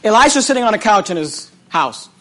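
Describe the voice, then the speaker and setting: A man preaching a sermon, reading scripture aloud and retelling it with animated, repeated phrases that swing between loud and hushed. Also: high-pitched, fairly quick, noisy background.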